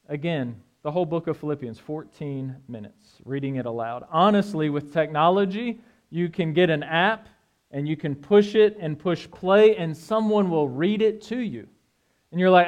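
A man preaching a sermon in a relaxed, conversational way, often checking in with the congregation. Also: fairly high pitch, muffled recording. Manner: conversational, asks "right?" often. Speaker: pastor.

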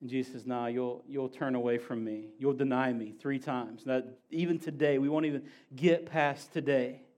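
A man preaching a sermon as pastor, building to emphatic raised passages and dropping to quiet low asides. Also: fairly even intonation, normal speed, few pauses.

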